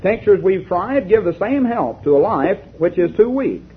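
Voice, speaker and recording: A man reading aloud as a patient old medieval physician, in measured, earnest speech. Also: sits high, lively intonation, slightly rough, heavily acted. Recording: lo-fi tinny recording.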